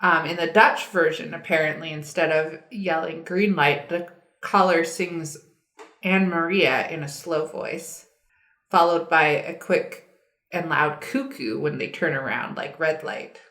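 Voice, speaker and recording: A woman's voice: low-pitched, a little slow, a bit bright. A woman co-hosting a podcast in casual chat, reading out facts from a web page as she talks. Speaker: podcast co-host. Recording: roomy echo.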